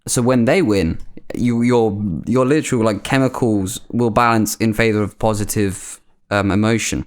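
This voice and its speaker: A man's voice: on the low side, steady tone, normal speed, clean tone. A man co-hosting a casual podcast. He chats in a laid-back way, sprinkling his talk with "like" and "mate". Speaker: podcast co-host. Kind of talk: casual chat.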